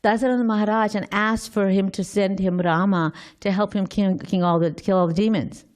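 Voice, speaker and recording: A woman's voice: mid-range voice, fairly even intonation, fairly quick, darkish tone. A woman giving an informal scripture class, thinking aloud, quizzing her listeners and often restarting her sentences.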